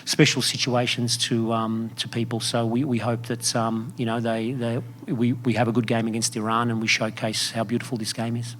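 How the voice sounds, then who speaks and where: Halting middle-aged male coach. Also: medium pitch, monotone, a bit bright, slight background noise. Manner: halting, repeats words while thinking. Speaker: head coach. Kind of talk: press conference answers.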